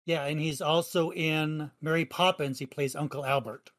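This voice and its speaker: A man's voice: on the high side, steady tone, moderate pace, a bit bright. A man hosting a podcast, introducing old radio clips in casual, chatty talk with easy laughter. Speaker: podcast host.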